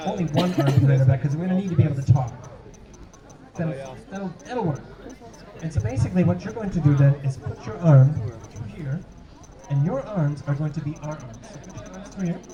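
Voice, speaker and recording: Male host at a fan event, chatty, high and animated, dull roomy sound. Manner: chatty, stumbling, repeats phrases. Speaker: event host and improv game leader. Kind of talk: live stage panel.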